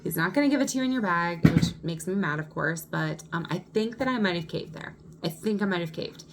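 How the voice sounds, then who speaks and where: A woman vlogger telling a personal story in an animated, indignant way. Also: on the low side, fairly quick, very noisy. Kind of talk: storytime vlog.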